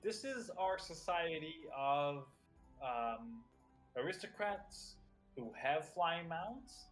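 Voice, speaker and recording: Gracious noblewoman hostess, welcoming and a bit boastful, unhurried and fairly high, played by a man. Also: lively intonation, a bit bright, soft background music. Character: polished woman aristocrat, sky-mount society hostess.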